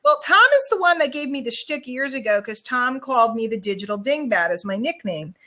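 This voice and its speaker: A woman's voice: fairly high pitch, sing-song, brisk, bright, forceful tone. A woman hosting a casual online show, chatting in a rambling, storytelling way over a video call. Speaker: show host.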